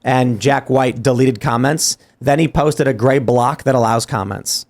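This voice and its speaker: A man hosting a political talk show, talking in an exasperated, animated rant. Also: mid-range voice, measured pace. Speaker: podcast host.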